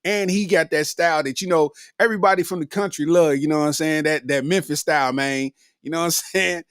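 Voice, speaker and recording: A man's voice: on the high side, steady tone, a little fast, fairly bright tone, smooth, dry recording, clean studio sound. A man hosting a comedy podcast, riffing in a loose, slangy monologue and laughing often.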